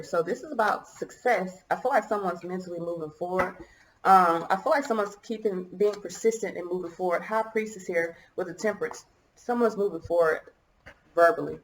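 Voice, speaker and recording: A woman's voice: fairly low pitch, reverberant, slight background noise, poor audio. A woman giving a casual tarot reading to her viewers, musing and hesitant as she thinks aloud, choked up and coughing at times. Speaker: tarot reader.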